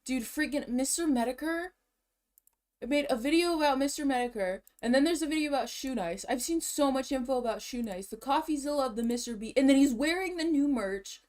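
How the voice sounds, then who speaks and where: A woman with a high voice talks a little fast, rambling to herself on stream as she browses and shops online. Hyped and slangy, she laughs often and sounds kind of breathless.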